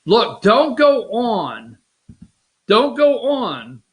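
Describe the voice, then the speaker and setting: A man's voice: extremely high pitch, very animated, drawn-out words. A man hosting a political talk show, rambling and mocking in an off-the-cuff way. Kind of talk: casual political commentary.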